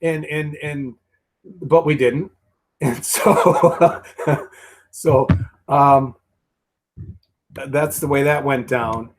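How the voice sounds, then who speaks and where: A man's voice: a little high, steady tone, drawn-out words, long pauses, a little hiss or hum. Rambling, profane male guest actor. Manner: rambling and profane, many restarts and repeated words. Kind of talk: casual commentary storytelling.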